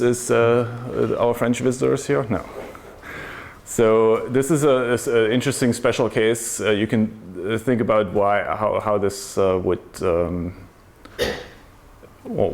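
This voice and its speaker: Low-voiced man giving a technical talk. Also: steady tone, unhurried, a little mellow. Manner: explanatory, asks rhetorical questions. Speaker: conference speaker.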